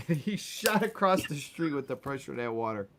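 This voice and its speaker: A man's voice: medium pitch, sing-song, brisk, fairly bright tone. A man co-hosting a casual comedy chat show, joking and teasing his partner. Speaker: co-host.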